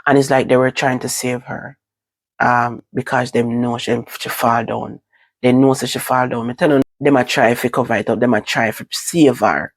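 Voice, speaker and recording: A woman's voice: extremely low pitch, fairly even intonation, no room sound. Jamaican woman telling a personal story. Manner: halting, repetitive recounting. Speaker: vlogger.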